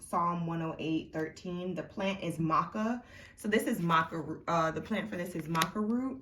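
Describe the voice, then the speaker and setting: Young woman, tarot reader, low and a bit stuffy-nosed, rambling casual delivery, off-mic in a roomy space. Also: normal speed, a bit bright, far from the mic, slight background noise. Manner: chatty and rambling, many fillers and restarts. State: congested sinuses. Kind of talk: casual tarot reading to camera. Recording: echoey room, mic set back.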